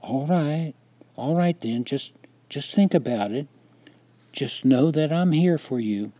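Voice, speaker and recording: A man voicing a gentle, concerned female teacher who speaks softly. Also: a little high, lively intonation, slow pace, no echo, voice pushed up. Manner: soft, careful.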